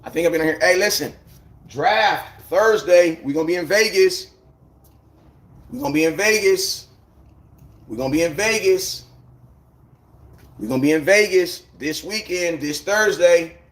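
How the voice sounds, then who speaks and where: A man chatting casually on a live stream, rambling in loose slang and greeting viewers by name. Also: on the high side. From United States.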